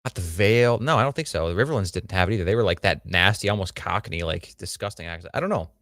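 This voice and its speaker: A man's voice: low-pitched, fast, no echo, studio quality. A man co-hosting a TV review livestream, opinionated and joking, with casual swearing. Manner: opinionated, animated, swears and jokes. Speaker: podcast co-host.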